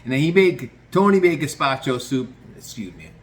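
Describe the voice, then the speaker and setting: A man's voice: medium pitch, sing-song, normal speed. A man telling a true story in a loose, rambling way, swearing casually and restarting his sentences.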